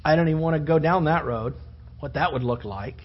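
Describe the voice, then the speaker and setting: Husky-voiced man preaching a sermon. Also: fairly high pitch, a little fast, highs cut off. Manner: animated storytelling, acting out disciples' voices. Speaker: pastor.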